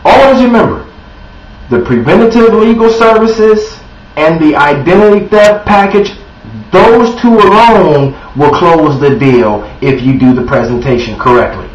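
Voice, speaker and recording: A man giving a sales training talk, acting out a phone pitch, who often clears his throat and restarts with ums. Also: expressive, unhurried. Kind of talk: sales training demo with mock phone call. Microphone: Bluetooth headset. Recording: roomy, distant, dull lo-fi camera audio with faint hiss.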